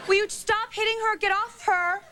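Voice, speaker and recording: A woman's voice: very high voice, fairly even intonation, normal speed, a crowd in the background, noisy background, voice pushed up. Woman doing a flustered pleading talk-show hostess. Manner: pleading, ineffectual.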